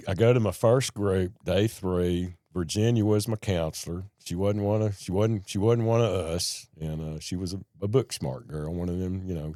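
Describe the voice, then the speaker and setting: A middle-aged man talks in a deep, mellow voice. He tells his story in a folksy, animated way and acts out the people in it. The sound is dry and close. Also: no echo. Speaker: podcast guest telling his recovery story. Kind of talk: casual storytelling conversation.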